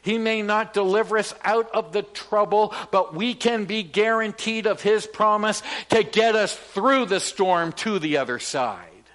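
A man's voice: high-pitched, unhurried, few pauses, a bit bright. A man delivering a sermon as pastor, from Canada, emphatic and leading the congregation in call-and-response.

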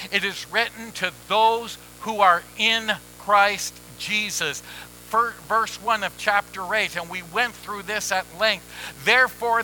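A man preaching a sermon as pastor, measured and emphatic with deliberate pauses. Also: high-pitched, bright, forceful tone, a little hiss or hum, low-quality recording.

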